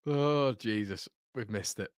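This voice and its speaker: A man's voice: mid-range voice, no room sound, studio quality. A young man hosting a live football watchalong, chatty and casual, who keeps breaking into giggles. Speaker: host.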